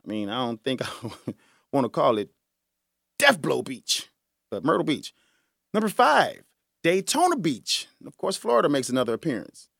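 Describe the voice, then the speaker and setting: Gravelly, lively man chatting casually. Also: mid-range voice, normal speed, pauses often, no room sound, clean studio sound. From Chicago area. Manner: chatty, joking, laughs often. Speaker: podcast host. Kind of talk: casual solo chat.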